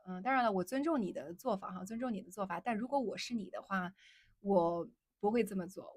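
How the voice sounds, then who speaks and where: A young woman from China whose first language is Mandarin hosts a casual livestream, answering viewers. She repeats her phrases again and again and switches between English and Mandarin, in a medium-pitched voice with no room sound.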